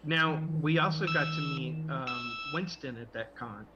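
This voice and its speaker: A man's voice: mid-range voice, unhurried, lo-fi sound, noisy background. A man hosting a podcast, rambling through stories in casual chat and searching for names. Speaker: podcast host.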